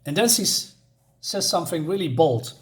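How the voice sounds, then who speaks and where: A man's voice: a little high, expressive, normal speed. A man giving a casual spoken comic review, hesitant with many restarts and enthusiastic asides.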